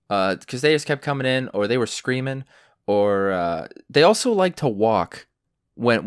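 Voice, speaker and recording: Young adult man, podcast host, profane rant, animated voice, dry sound. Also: medium pitch, no echo. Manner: profane, ranting storyteller.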